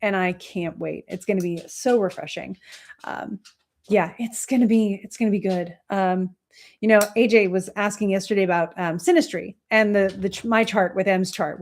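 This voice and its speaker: This astrology livestream host, a woman in her thirties, speaks at a medium pitch. Her chat with viewers is casual and meandering, peppered with fillers and soft laughs.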